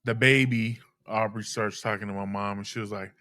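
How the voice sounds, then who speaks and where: A man's voice: fairly low pitch, steady tone, moderate pace, sharp tone, no room sound, clean studio sound. A man in his forties telling stories in an easygoing, casual way as a podcast co-host, calling his friend bro. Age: 40s. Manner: easygoing storyteller, calls friend bro and dog. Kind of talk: casual chat.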